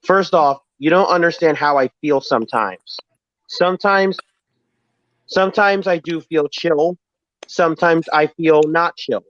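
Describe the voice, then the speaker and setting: A man's voice: a little high, measured pace, a bit bright, no echo. Defensive man on a lo-fi stream. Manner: defensive, repeats himself, explains his feelings. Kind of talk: heated live-stream argument. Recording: dry, dull lo-fi stream audio.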